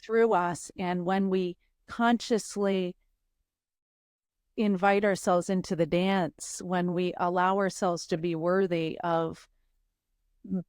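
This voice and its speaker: A woman guest on a podcast, musing in a halting, spiritual way with many pauses. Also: lowish voice, steady tone, darkish tone, clean tone, no room sound, clean studio sound. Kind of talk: reflective interview chat.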